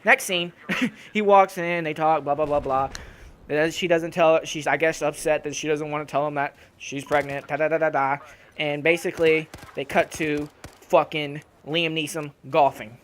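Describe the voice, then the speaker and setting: A young man ranting casually and profanely over gameplay footage, with laughs and animated outbursts. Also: fairly high pitch, moderate pace, a little hiss or hum. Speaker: gaming YouTuber.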